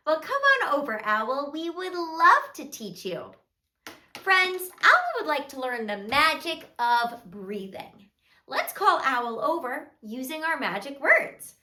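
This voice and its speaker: A woman hosting a children's show, telling a gentle story and leading breathing exercises in a soft sing-song manner with playful delight. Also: sits high, big pitch swings, slow pace, reverberant.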